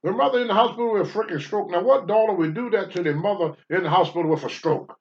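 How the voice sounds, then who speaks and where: Speaking quickly in a voice that sits high, a former pro wrestler, now older, talks bluntly and profanely on a talk show. He shares candid stories, and the recording is dull and lo-fi.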